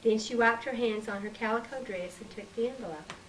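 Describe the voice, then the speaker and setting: A woman reading her own story aloud in a measured, expressive way, recorded on an old tape. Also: a little high. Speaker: author reading her book. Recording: distant mic, faint hiss, 1990s tape.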